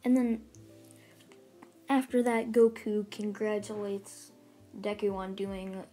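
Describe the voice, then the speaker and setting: A woman's voice: mid-range voice, flat delivery, slow, dark tone, soft background music. A woman casually retelling a fan story, rambling along with lots of fillers and restarts.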